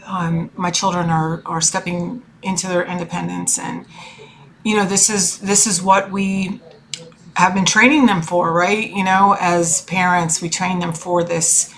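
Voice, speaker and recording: A woman's voice: on the low side, little pitch movement, measured pace, a bit bright. A woman in her forties talking about her family in a personal vlog, emotional and rambling, full of fillers and restarts. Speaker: tarot reader and life coach.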